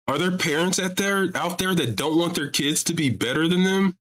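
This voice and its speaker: A man's voice: a little high, lively intonation, moderate pace, hardly any pauses, a bit bright. A man hosting a live call-in stream about religion, talking casually and pressing his audience with repeated rhetorical questions. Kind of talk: casual livestream talk.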